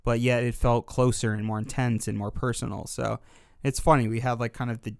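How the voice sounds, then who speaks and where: A man's voice: mid-range voice, a little fast, gravelly, clear, resonant tone, no room sound, clean studio sound. Laid-back man musing on a film. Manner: relaxed and thoughtful, leans heavily on "like". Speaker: podcast co-host discussing a film. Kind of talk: casual film analysis chat.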